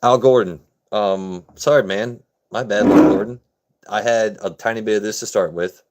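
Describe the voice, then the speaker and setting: A man's voice: lowish voice, normal speed, a little mellow, slight background noise. A man hosting a casual livestream, joking and chatting with viewers by name in a laid-back way. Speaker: livestream host. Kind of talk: casual chat with live chat viewers.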